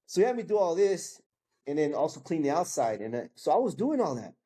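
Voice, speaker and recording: A man in his fifties tells his personal story in an easy, animated way, acting out the people involved. His voice sits a bit high for a man, with a warm, mellow tone. He keeps sprinkling in "bro" and "man.". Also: brisk, slightly rough. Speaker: guest sharing his testimony. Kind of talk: casual storytelling.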